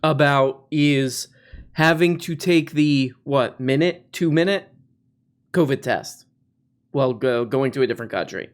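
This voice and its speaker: A man's voice: medium pitch, a little slow, slight background noise. A man hosting a podcast, giving casual, sarcastic comedic commentary on video clips. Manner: sarcastic, mocking. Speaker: podcast host.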